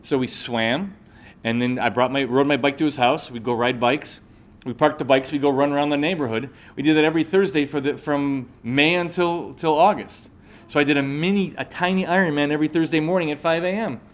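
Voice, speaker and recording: A man's voice: a little high, a little fast. A man in his forties giving a live motivational talk to an audience, telling a personal story and often checking in with the listeners. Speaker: motivational speaker.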